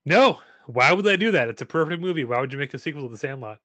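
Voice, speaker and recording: A man's voice: fairly high pitch, expressive, quick pace, a bit bright, no room sound. A man in his thirties co-hosting a casual podcast chat, joking and rambling with many restarts. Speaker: podcast co-host.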